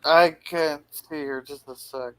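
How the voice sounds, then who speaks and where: A man's voice: a little high, fairly even intonation, slow pace, fairly bright tone, clear, resonant tone. A man co-hosting a casual show, chatting and reading out viewer comments. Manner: laid-back, reads viewer comments aloud. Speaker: co-host reading chat. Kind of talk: casual chat.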